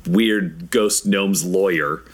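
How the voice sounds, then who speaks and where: A man's voice: low-pitched, slow pace, breathy edge. A man playing a tabletop game, joking at his own expense. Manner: self-mocking, laughing. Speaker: player. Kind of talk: casual tabletop play.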